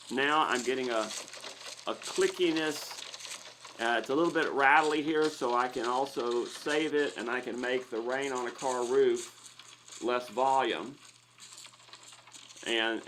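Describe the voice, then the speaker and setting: List: man, live Q&A host, explanatory, mid-pitched, restarts and repeats words. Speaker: host of a misophonia Q&A.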